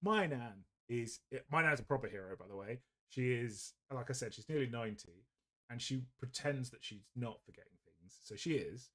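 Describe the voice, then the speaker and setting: A man's voice: mid-range voice, lively intonation, moderate pace, a bit bright. A man, casually chatting and telling rambling stories while hosting a painting stream, laughing often. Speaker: host of a painting livestream. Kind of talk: casual chat. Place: indoors at painting desk.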